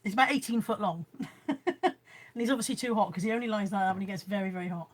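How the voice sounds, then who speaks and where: A woman's voice: mid-range voice, fast. A woman chatting casually on a live stream at home, showing her haul and reading out viewer comments. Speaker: vlogger. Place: room at home.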